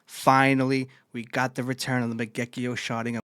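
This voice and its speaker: Casual male podcast host, mid-pitch, dry close sound, enthused and profane. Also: quick pace, dry recording. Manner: excited, swears freely, retells scenes in quotes. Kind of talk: casual anime chapter recap.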